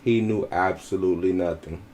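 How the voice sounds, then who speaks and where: A man's voice: low-pitched, steady tone, moderate pace, darkish tone, a little hiss or hum. Blunt, profane male podcast commentator. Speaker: podcast co-host. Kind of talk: casual commentary.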